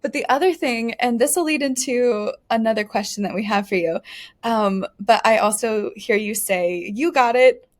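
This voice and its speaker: A woman's voice: a little high, moderate pace. A woman co-hosting a podcast, asking questions in a friendly, upbeat way and laughing now and then. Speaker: podcast co-host. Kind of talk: casual interview.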